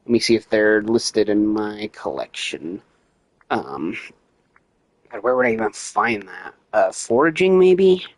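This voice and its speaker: A man's voice: lowish voice, expressive, a little slow, no room sound, rough recording. A man livestreaming a video game, swearing and joking sarcastically as he reads the game's dialogue aloud in his own voice. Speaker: gaming livestreamer. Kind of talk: casual gameplay commentary.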